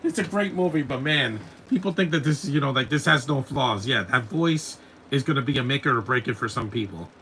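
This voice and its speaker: A man's voice: medium pitch, animated, a little fast, pushed and bright, slight background noise, low-quality recording. A man giving casual live commentary over a film, mocking it and chuckling often.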